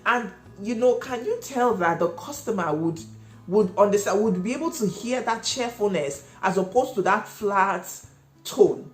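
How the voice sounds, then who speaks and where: A woman's voice: mid-range voice, animated, unhurried. A woman running a cake business, giving emphatic advice to viewers, repeating key points and asking them questions. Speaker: cake business owner and channel host. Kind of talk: instructional vlog talk. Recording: echoey room with faint music.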